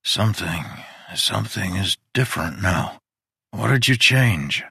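A weary human man, earnest and blunt, read by a male narrator. The voice sits low and deep, near the reader's own. The audiobook recording is close and dry. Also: animated, a little slow, vocal fry, sharp tone, slightly rough, no room sound, full character voice. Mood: shaken, blunt. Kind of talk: audiobook character reading.

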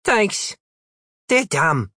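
A man voicing a small, blunt, chatty girl in a storybook reading, speaking in a high childlike voice. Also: sing-song, extremely slow, bright, forceful tone, no echo, clean studio sound, exaggerated voice.

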